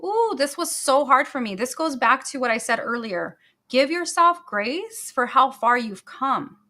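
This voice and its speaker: A woman's voice: sits high, lively intonation, measured pace, sharp tone. A woman hosting a motivational podcast on her own, talking energetically and emphatically and repeating her key phrases. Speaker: podcast host. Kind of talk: motivational solo talk.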